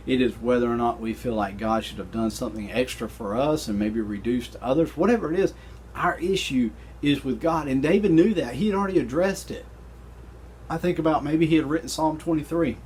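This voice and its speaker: A man teaching a recorded Bible study lesson, retelling scripture in an animated, conversational way with casual slang. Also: medium pitch, a little hiss or hum.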